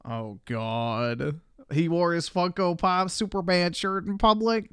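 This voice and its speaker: A man's voice: high-pitched, takes it slowly, fairly bright tone, clean tone, dry recording, clean studio sound. A man streaming live, reacting to a video with crude, mocking, blunt commentary to his chat. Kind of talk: casual livestream commentary.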